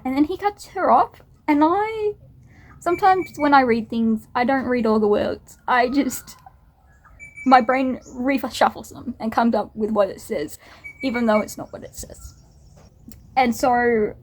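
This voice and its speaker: Breathy woman chatting in a vlog. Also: on the high side, normal speed. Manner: rambling, chatty, with laughs. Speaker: book vlogger. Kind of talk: casual vlog chat to camera. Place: at home.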